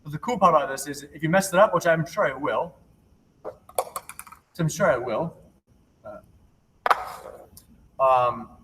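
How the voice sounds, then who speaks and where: A man's voice: a little high, measured pace, long pauses, sharp tone. A young male teacher walks young kids through a clapping game in an upbeat, reassuring way. He sits back from a laptop mic, so he sounds a little distant. A faint hiss runs under his voice. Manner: upbeat, reassuring, counts out rhythm calls. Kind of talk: remote lesson to young children.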